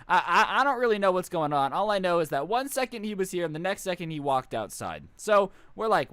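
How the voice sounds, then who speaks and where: A man's voice: sits high, sing-song, a little fast, few pauses, a bit bright, clear, resonant tone, dry recording. Young man rambling through a story. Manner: rambling, jokey, slips into mock voices for friends. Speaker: streamer. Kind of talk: casual storytelling.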